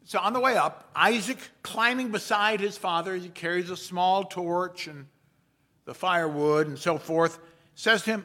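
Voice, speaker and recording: A man preaching a sermon as a pastor, with a measured storytelling delivery and playful asides. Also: sits high, pushed and bright.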